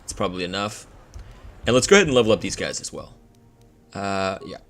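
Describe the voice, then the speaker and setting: A man's voice: sits low, expressive, a little fast, fairly bright tone, faint music behind. Rambling young man commenting on a game. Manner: rambling, slangy, joking. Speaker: gameplay commentator. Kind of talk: casual let's-play commentary.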